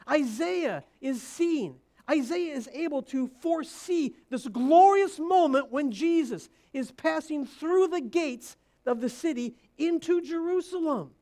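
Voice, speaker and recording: High-voiced woman preaching with emphatic repetition. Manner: emphatic, repeats key phrases for stress; swings between hushed low lines and loud high bursts. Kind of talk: sermon.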